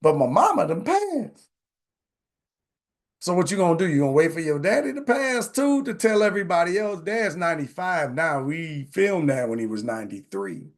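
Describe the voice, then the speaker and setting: A man in his forties hosting a live online session, telling personal stories in a casual, animated way and often asking "right?". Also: on the high side, normal speed. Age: 40s. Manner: animated, repeats phrases, says "right?" often. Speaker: host.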